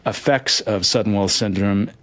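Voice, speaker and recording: Brief earnest man, low voice, hesitant restarts, dry close sound. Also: moderate pace, no room sound. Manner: earnest, hesitant, with many restarts and soft laughs. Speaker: interview guest, lottery winner. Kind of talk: candid reflective interview answers.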